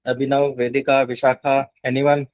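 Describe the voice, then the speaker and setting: A man's voice: mid-range voice, flat delivery, a little fast, no echo, rough recording. A man with an Indian English accent leads a class over a video call. His voice sits mid-range, in a dry, close setting. He explains patiently and circles back to stress each point. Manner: instructive, repeats points for emphasis. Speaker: internship instructor. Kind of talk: online class teaching.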